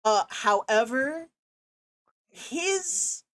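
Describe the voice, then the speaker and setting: Slow, measured woman game master. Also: sits high, lively intonation, a bit bright. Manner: measured and descriptive, with frequent ums. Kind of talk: running a tabletop game.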